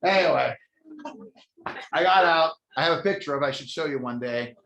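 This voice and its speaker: A man's voice: on the high side, moderate pace, gravelly, fairly bright tone, highs cut off. Man telling a funny story in an echoey room. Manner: self-mocking, chatty, with frequent restarts. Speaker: company CEO. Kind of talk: humorous storytelling to a live audience. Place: stage in a large room.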